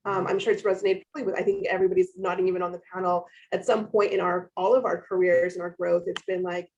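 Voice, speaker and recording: A woman's voice: on the low side, level tone, fast talker, creaky, a little mellow, lo-fi sound. A woman moderating a panel discussion who introduces speakers and responds to them in an upbeat, affirming way.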